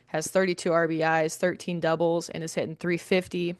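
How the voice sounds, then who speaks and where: A young woman co-hosting a sports podcast, reading team stats in a steady list with filler ums, recorded with headphones on a close mic. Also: lowish voice, fairly quick, clean tone, no room sound. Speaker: podcast co-host. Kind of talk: reading softball stats preview. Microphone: headphones and studio mic.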